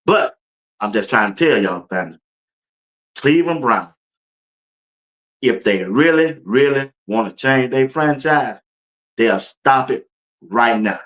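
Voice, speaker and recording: A man hosting a casual sports talk stream, animated, slangy and laughing often. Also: mid-range voice. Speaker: sports talk show host.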